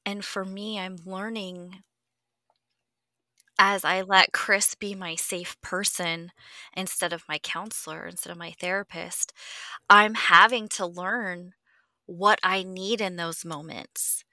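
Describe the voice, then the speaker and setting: Bright-voiced woman, candid and earnest. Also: medium pitch, steady tone, slow, no room sound. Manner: earnest and reflective, swears freely, sometimes drops to a near whisper. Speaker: podcast host. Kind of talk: candid conversational chat.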